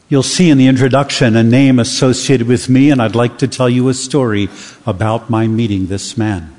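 A man's voice: medium pitch, fairly even intonation, moderate pace, a little mellow, in a large hall. A man preaching a sermon, earnest and building to emphatic questions.

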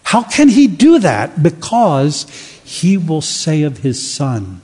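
A man preaching a sermon with dramatic, emphatic pauses. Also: a little high, wildly swooping pitch, a little mellow, husky. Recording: long reverb of a large hall.

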